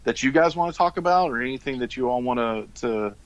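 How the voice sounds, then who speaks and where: A man's voice: mid-range voice, expressive, no room sound, rough recording. A middle-aged man hosting a podcast, wrapping up while stumbling and restarting his sentences. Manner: halting, stumbles over words. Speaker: podcast host. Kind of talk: casual podcast wrap-up.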